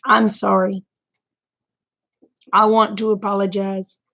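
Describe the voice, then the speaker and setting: Gravelly folksy woman. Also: mid-range voice, level tone, slow, fairly bright tone. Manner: folksy, frank and chatty, laughs often. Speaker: vlogger. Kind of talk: casual livestream chat.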